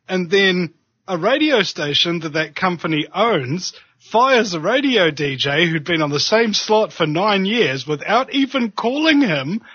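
Male co-host, slightly raised pitch, brisk and explanatory; dry lo-fi radio recording. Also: fairly bright tone, dry recording. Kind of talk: interview commentary.

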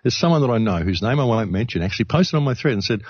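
A man's voice: lowish voice, lively intonation, rapid-fire, husky, no echo. A man who works as an announcer, talking earnestly in a casual discussion and often restarting his sentences. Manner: earnest, rambling with frequent restarts. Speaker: radio announcer. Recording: dull lo-fi, dry sound.

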